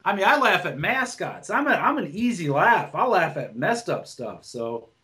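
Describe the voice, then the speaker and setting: A stand-up comic co-hosting a podcast chats casually in a high-pitched, sing-song voice that is pushed and bright, at normal speed. He's blunt and rambling, swearing a lot and frequently restarting his sentences.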